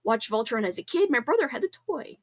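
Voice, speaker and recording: A chatty woman hosting a live stream, bubbly and quick to apologize, with a nose stuffed up from talking too long. Her voice sits a little high and breaks into laughter now and then. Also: big pitch swings. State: congested, sniffling. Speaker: livestream host. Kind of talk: casual live-stream chat.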